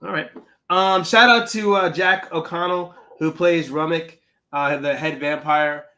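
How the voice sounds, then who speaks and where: A man's voice: a little high, steady tone, a little slow, pushed and bright. A man co-hosting a podcast in casual chat, teasing and playful, often restarting his sentences. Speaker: podcast co-host.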